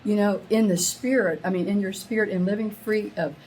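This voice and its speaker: A middle-aged woman telling a rambling, excitable story to a small live group, acting out the quotes with big jumps in her voice. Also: mid-range voice, a little fast, slightly rough, poor audio. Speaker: meetup attendee sharing a story. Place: women's meetup gathering, audience laughing.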